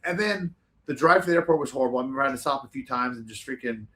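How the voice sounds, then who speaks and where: A man's voice: medium pitch, racing, bright, forceful tone. A man as a podcast guest telling a long, rambling story in casual chat, swearing freely.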